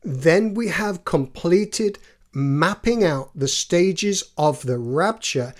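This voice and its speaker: Slow, earnest Bible teacher. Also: mid-range voice, expressive. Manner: measured, earnest, reads scripture aloud.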